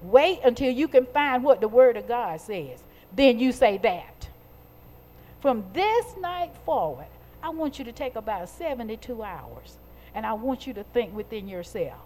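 A woman preaching a sermon to a congregation, talking in call-and-response and building to loud, stretched-out emphatic peaks. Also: fairly high pitch, sing-song, measured pace, a little hiss or hum.

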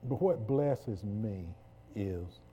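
A man's voice: on the low side, animated, drawn-out words, mellow, a little hiss or hum. A man preaching a sermon, leading the congregation in call-and-response.

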